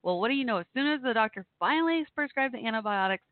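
A woman's voice: on the high side, expressive, quick pace, no room sound. A woman hosting a casual online radio show, her voice weak after the flu, chatting fondly with listeners. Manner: chatty, affectionate, addresses listeners directly. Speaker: internet radio host. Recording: tinny phone-like audio, dry.

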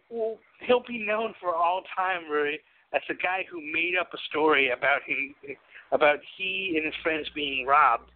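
A man's voice: high voice, a little hiss or hum. A man co-hosting a casual podcast chat, rambling with frequent restarts and stammers. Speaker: podcast co-host. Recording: tinny phone-like line.

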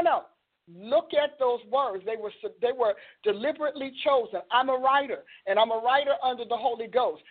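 A woman hosting a religious talk show, speaking with an animated, preacher-like cadence. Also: on the high side. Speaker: host. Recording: phone-like band-limited audio.

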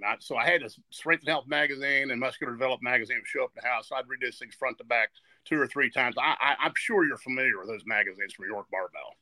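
A man's voice: mid-range voice, quick pace, bright, forceful tone, no room sound. A man in his sixties from Virginia, telling stories earnestly as a podcast guest and often restarting and repeating his words. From West Virginia. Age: 60s. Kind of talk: storytelling in a podcast interview.

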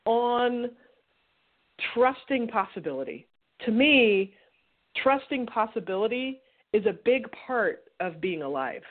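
A woman's voice: on the high side, expressive, takes it slowly. Musing woman on a tinny phone line. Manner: musing, rhetorical questions. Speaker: co-host. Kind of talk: reflective casual chat.

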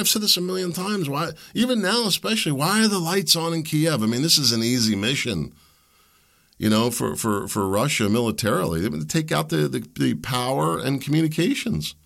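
A man's voice: a little high, fairly quick, gravelly, a bit bright. A man hosting a solo podcast, rambling and conversational, often correcting himself mid-sentence and asking pointed questions. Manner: opinionated and questioning. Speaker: podcast host.

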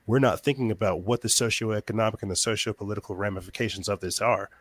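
A man speaking as a guest on a talk show, talking quickly, repeating words as he gets fired up. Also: on the low side, steady tone, breathy edge. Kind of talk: podcast interview.

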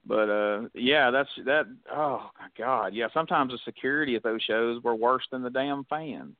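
A man's voice: mid-range voice, moderate pace, no room sound. Man, podcast host, blunt salty storyteller, dry, tinny phone sound. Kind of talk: casual chat.

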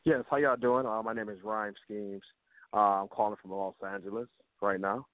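A man's voice: lowish voice, fairly even intonation, normal speed, dry recording. A man calling in to a talk show, asking a question politely and hesitantly. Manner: polite, hesitant, searching for words. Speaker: caller. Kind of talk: call-in question. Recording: dry phone line.

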